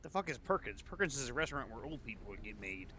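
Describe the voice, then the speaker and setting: A man's voice: medium pitch, sing-song, fast talker, noisy background. A man giving casual, sweary, joking commentary while streaming a game. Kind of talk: casual let's play commentary.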